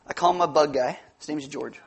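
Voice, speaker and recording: A man's voice: fairly high pitch, fairly quick, gravelly, slightly rough. A male pastor giving a playful, jokey sermon in a church, bringing volunteers up and joking with the congregation. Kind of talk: sermon with audience interaction. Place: church sanctuary.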